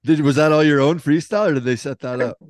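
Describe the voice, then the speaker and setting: Easygoing podcast host, dry close sound. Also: male voice, on the high side, quick pace, no room sound. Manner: easygoing, laughs often, swears casually. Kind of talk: casual interview chat.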